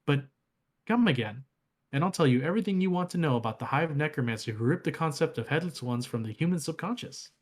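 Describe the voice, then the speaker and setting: A man's voice: fairly high pitch, animated, fast talker, voice pushed up. A man voicing a sarcastic female ship AI in a dry, teasing way while reading game lore aloud. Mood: sly.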